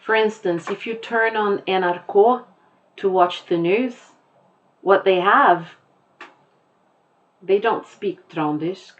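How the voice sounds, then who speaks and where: Slow-speaking woman teacher, muffled sound. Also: on the low side. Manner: slow, explanatory, repeats and rephrases. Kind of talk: classroom lecture on a poem.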